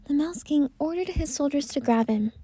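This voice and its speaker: A woman narrating a bedtime story in a gentle, unhurried way, at times dropping into a whisper. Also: high voice, expressive, no room sound.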